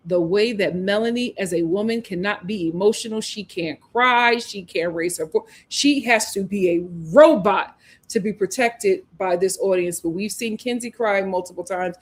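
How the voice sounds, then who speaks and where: A woman's voice: mid-range voice, normal speed. A woman hosting a live recap show, talking emphatically and reading out viewers' comments as she gives her opinions. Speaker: host.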